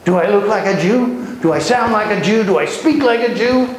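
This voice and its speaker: A man's voice: high voice, animated, normal speed, pitched above the performer's own voice. Man playing a whiny, exasperated Roman governor. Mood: sarcastic. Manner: whiny, shouting and sarcastic. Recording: very echoey room with noise.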